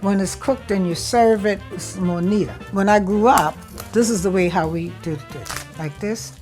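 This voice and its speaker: A woman's voice: medium pitch, normal speed, a little mellow, soft background music. A woman from South Carolina with a Gullah Geechee accent, a chef and cookbook author talking casually and proudly while she cooks outdoors at a family cookout. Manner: homey, proud, explains as she works. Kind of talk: casual talk while cooking.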